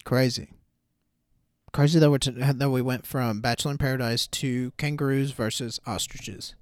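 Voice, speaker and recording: A man's voice: medium pitch, steady tone, normal speed, no echo, studio quality. A man hosting a casual solo podcast, talking loosely in slang and calling listeners bro. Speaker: podcast host.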